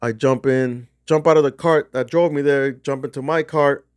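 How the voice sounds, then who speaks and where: Middle-aged man from New Jersey, rambling profane storytelling, smooth resonant voice, dry sound. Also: medium pitch, fairly even intonation, moderate pace, dry recording. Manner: rambling, profane, restarts often. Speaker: golf vlogger. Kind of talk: casual storytelling.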